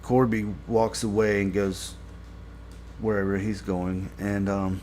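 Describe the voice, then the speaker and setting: A man talks through a TV episode review in a casual, meandering way, leaning on fillers and restarts. His voice sits fairly low and he takes his time. Faint noise hums in the background. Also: flat delivery, slow pace. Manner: rambling, heavy on fillers, gets exasperated and louder when complaining.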